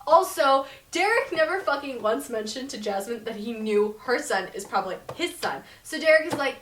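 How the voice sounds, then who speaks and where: A woman's voice: sits high, expressive, fairly bright tone, a little hiss or hum. Breezy, foul-mouthed young woman, echoey room. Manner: profane, breezy, slips into quick impressions of characters. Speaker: book reviewer. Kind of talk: casual plot recap. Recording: echoey room, mic at a distance.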